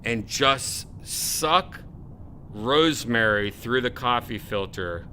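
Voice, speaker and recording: Man, podcast host, bright forceful voice, rambling casual riffs, faint background noise. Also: medium pitch, expressive, slow. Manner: loose, rambling, laughing riffs. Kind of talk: casual chat.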